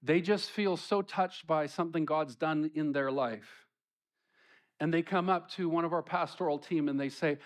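Male pastor, high-ish voice, easy conversational sermon delivery. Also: normal speed. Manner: conversational preaching with rising emphasis on scripture.

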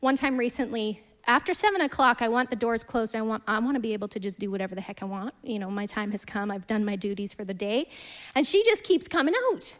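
A woman in her thirties preaching a sermon, earnest and storytelling, swinging from emphatic lines to hushed ones. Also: a little high, lively intonation, fast talker.

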